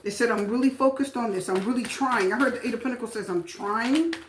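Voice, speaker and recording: A woman reading tarot cards in a chatty, easygoing way, circling back over her points. Her voice sits a little high, and the room around her sounds echoey, with a faint hiss behind it. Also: fast talker. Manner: chatty, repeats phrases, frequent fillers. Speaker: tarot reader.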